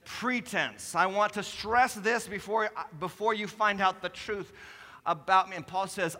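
A male lead pastor preaching a sermon, animated and joking, with sudden loud bursts and soft asides. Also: sits high, a little slow. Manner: animated, jokey preaching with sudden shouts and drops to soft tones. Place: church sanctuary. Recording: preached in a hall with long reverb.

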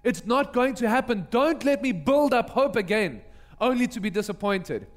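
A man voicing an anxious childless woman who pleads slowly, afraid to hope again, while retelling a story in a sermon. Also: animated. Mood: pleading. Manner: slow, pleading, raised pitch.

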